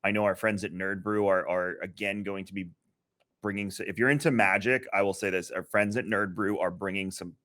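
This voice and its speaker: A man co-hosting a podcast, chatting casually in a relaxed, rambling way with many fillers. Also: low voice, brisk. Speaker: podcast co-host and event organizer. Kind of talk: casual chat.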